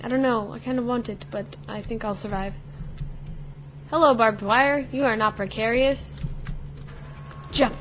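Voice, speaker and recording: A teenage girl hosting a gaming channel, chatting excitedly to herself and the character as she plays. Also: high voice. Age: teens. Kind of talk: let's play commentary.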